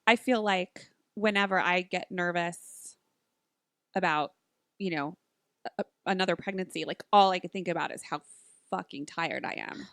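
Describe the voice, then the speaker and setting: A woman in her forties co-hosting a casual podcast chat, with quick reactions and laughing asides. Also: fairly low pitch, fairly bright tone, dry recording, clean studio sound. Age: 40s. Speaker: podcast co-host.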